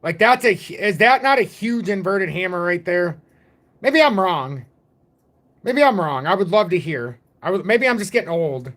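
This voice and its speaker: A man's voice: high voice, lively intonation, normal speed, fairly bright tone. Rambling jokey man in his forties. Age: 40s. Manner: rambling, jokey, self-deprecating. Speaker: crypto channel host. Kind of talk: casual livestream chat.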